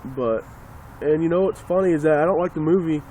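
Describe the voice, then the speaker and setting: A man's voice: on the high side, fairly quick, warm tone, a little hiss or hum. A man ranting casually and sarcastically into a phone, rambling and swearing as he talks. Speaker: vlogger.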